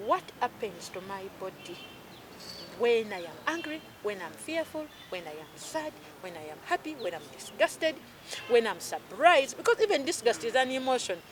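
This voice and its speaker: This emotional healing coach is a woman in her thirties with a Ugandan accent who mixes Luganda phrases into an animated, casual chat. She speaks at a moderate pace in a fairly high voice over a noisy background.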